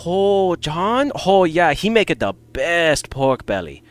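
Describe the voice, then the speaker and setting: A man's voice: fairly high pitch, sing-song, takes it slowly, a little hiss or hum, voice pushed up. A man imitating a gushing relative who praises a friend's cooking in an exaggerated fake Chinese accent and broken English.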